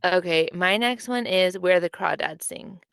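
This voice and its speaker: A young adult woman co-hosting a casual book podcast, telling stories with lively acted-out quotes. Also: unhurried, gravelly, smooth, no room sound. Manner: animated storytelling, acts out quotes with big pitch jumps. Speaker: podcast co-host. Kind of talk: casual chat.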